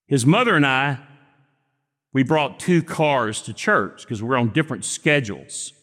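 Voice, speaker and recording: A man, preaching a sermon and telling stories with acted-out dialogue and slow, emphatic phrasing. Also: mid-range voice, animated, a bit bright. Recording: long reverb of a church hall.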